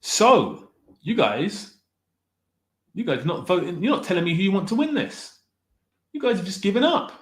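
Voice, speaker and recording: A man's voice: high voice, very animated, moderate pace, pauses often, a bit bright. Rambling man chatting to a stream. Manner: rambling, self-correcting, exasperated with chat. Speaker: streamer ranking directors with live chat. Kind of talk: casual livestream chat.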